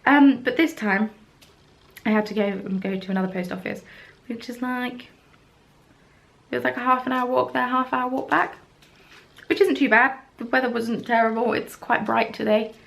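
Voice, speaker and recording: Chatty woman with vocal fry. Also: a little high, steady tone, normal speed, fairly bright tone. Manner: rambling, chatty, self-deprecating, many ums. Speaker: craft vlogger. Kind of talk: casual chat to camera. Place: at home, indoors.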